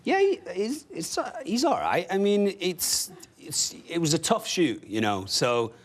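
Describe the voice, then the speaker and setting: A man's voice: high voice, huge pitch swings, unhurried. A man from England, an actor chatting as a guest, rambling with lots of you know and like. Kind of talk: casual chat.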